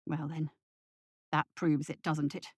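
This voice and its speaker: A woman voicing a guilt-ridden working-class father and former drinker, gruff and defensive. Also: fairly high pitch, little pitch movement, takes it slowly, no echo, clean studio sound, pitched below the performer's own voice. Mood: coaxing.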